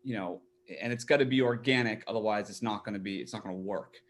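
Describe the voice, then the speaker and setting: Halting thoughtful male podcast host. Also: fairly low pitch. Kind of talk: casual conversation.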